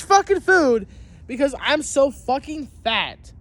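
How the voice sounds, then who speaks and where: A vlogger telling a story as an angry rant, swearing constantly and shouting at times. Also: medium pitch, very animated, unhurried.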